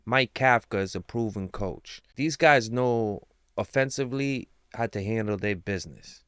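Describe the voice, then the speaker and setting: A sports commentator with a smooth, resonant, somewhat low voice talks through his team's chances as casual fan commentary, moving at a moderate pace. His slangy, rambling talk swings between excitement and hushed asides, and the recording is close and dry with almost no room sound.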